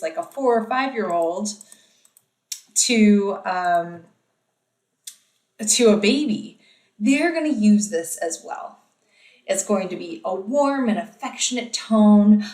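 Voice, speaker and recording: A woman's voice: mid-range voice, far from the mic. Woman lecturing casually in an echoey room. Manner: casual explanatory, many ums and uhs. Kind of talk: recorded video lecture.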